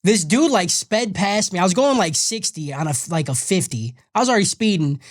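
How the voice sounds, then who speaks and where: A man hosts a loose, profane podcast, laughing his way through a story. His pitch swings widely as he gets worked up, from low mutters to high shouts. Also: animated, brisk. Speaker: podcast host reading listener comments. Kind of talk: casual podcast banter.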